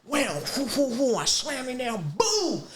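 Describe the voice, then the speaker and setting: Animated, profane woman telling a story. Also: high-pitched, measured pace, crowd noise. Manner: vivid, profane, acts out voices and sound effects. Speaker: podcast guest.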